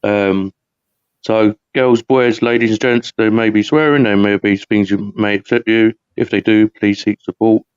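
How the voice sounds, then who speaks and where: A man's voice: on the low side, steady tone, moderate pace, clean tone, no room sound, dull audio. A man from the UK hosting a live podcast, rambling and chatty, laughing often. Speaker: podcast host. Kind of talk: casual live podcast chat.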